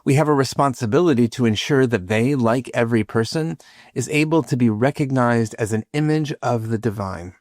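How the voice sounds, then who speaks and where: A man hosting a podcast, reading scripted reflections in a measured, lightly humorous way. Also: medium pitch, a little mellow, no room sound, clean studio sound. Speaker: podcast host, rabbi.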